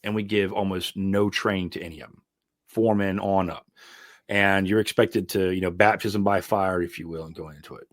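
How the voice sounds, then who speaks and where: A man's voice: deep voice, steady tone, normal speed, no room sound, studio quality. A man who is an ironworker and mentor, a podcast guest, giving earnest, emphatic advice with frequent fillers. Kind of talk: casual interview chat.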